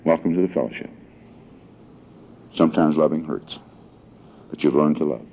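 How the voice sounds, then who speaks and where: A man's voice: extremely low pitch, moderate pace, creaky, a little hiss or hum. A man in his sixties telling his recovery story to a meeting, in a folksy, emotional storytelling manner, on an old tinny tape recording. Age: 60s. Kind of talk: personal recovery talk to a meeting. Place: meeting hall.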